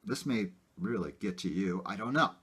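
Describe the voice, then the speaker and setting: A man with a husky, low voice talks straight to his viewers in a loose, rambling way, leaning on little fillers as he goes. His pitch swings widely as he gets animated. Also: normal speed. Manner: rambling, many "you know" fillers, animated. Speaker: video host. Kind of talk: casual personal talk to camera.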